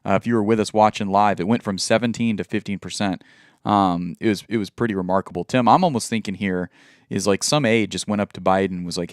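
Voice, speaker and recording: Brief: upbeat, joking male co-host with a smooth, deep voice, dry close sound. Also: fairly even intonation, fast, no room sound. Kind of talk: casual livestream chat.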